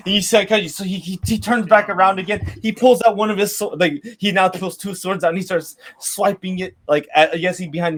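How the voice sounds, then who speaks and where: Brief: high-pitched male game master, loose rambling narration. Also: fairly even intonation, quick pace, few pauses. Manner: rambling, many restarts.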